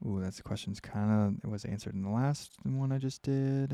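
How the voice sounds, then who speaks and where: A man's voice: lowish voice, moderate pace, dark tone, no echo. A young man from Ohio hosting a casual solo podcast, answering listener questions in a candid, rambling way with lots of fillers. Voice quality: gravelly.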